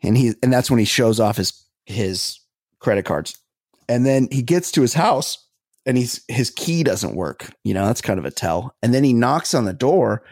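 A male comedy podcast host in casual chat, animated and profane, riffing on scenes with plenty of swearing. His voice sits mid-range and is recorded very dry and close. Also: medium pitch, normal speed, no echo.

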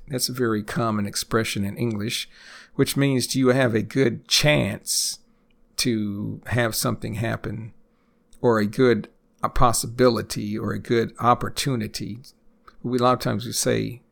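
A man teaching English expressions, speaking deliberately, spelling out words and repeating each example phrase. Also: mid-range voice, steady tone, vocal fry. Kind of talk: slow, deliberate language lesson.

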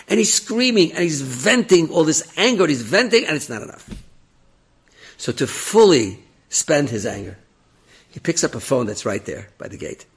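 A man telling a story in an animated way, switching into acted voices, with a raspy, gravelly voice. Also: fairly high pitch, normal speed. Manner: animated, slips between narration and acted voices, laughs at his own jokes. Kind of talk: oral storytelling.

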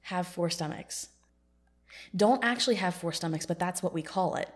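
A young woman co-hosting a podcast in casual chat, teasing and quick to laugh. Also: fairly low pitch. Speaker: podcast co-host.

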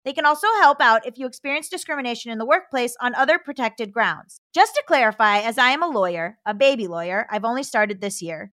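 A woman podcast host with a high, bright voice reads a listener letter aloud in an even, steady way, then slips into loose chat with her co-host. The sound is dry and close, with no room around it. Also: fast talker, few pauses, no echo. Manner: steady reading voice, breaks into laughter.

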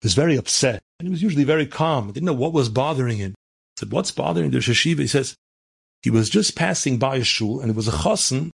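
Gravelly-voiced rabbi telling stories. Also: male voice, mid-range voice, expressive, fast talker. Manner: anecdotal, building to fervent, emphatic exhortation; sprinkles Hebrew and Yiddish terms. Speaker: rabbi and speaker. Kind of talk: storytelling sermon.

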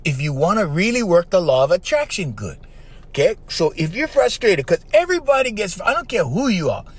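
Lively high-pitched podcast host. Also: male voice. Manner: animated storytelling, keeps asking "right?"; trained singer's strong voice. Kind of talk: casual podcast monologue.

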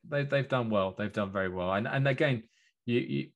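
A man's voice: mid-range voice, moderate pace, lo-fi sound. A man co-hosting a football podcast, reasoning through his views in casual chat.

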